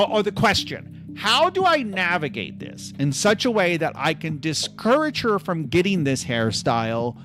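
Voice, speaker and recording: A man's voice: sits high, a bit bright. A man hosting a livestream in casual chat, rambling and joking at his own expense. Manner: rambling, joking, self-deprecating. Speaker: livestream host.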